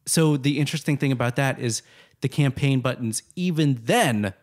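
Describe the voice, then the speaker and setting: A man's voice: mid-range voice, moderate pace. A man co-hosting a film podcast, talking through a movie in an analytical, academic way. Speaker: podcast co-host. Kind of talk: film commentary chat.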